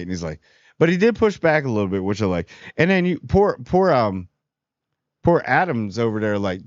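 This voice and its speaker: A man's voice: lowish voice, animated, darkish tone, no echo, muffled recording. Slangy casual man reviewing a show. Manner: slangy, rambling, acts out characters in quick voices.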